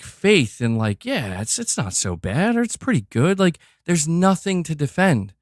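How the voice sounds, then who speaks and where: A man's voice: on the high side, fairly bright tone, no room sound, clean studio sound. Heated, profane male streamer ranting. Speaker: streamer host.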